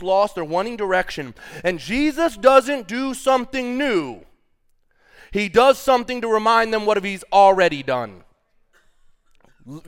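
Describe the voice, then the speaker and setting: Male pastor, smooth clear voice on the higher side, casual playful sermon delivery. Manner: casual and playful, addressing the congregation as y'all.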